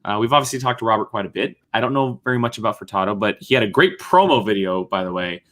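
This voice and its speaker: A young man hosting a podcast panel, leading the chat in a relaxed way with fillers. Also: fairly low pitch, fast talker. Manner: relaxed, leads the discussion with fillers. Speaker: podcast host. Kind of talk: casual chat.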